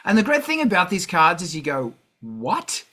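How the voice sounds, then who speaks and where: A man's voice: high voice, big pitch swings, a little fast, pushed and bright. A middle-aged man hosting a music livestream, talking casually and ranting with heavy swearing.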